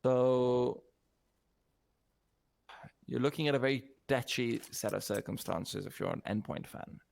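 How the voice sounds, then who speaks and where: A male esports commentator with a middling pitch, calling a match live. He talks in a playful, chatty, excitable way. He jokes around between the plays. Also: unhurried, vocal fry.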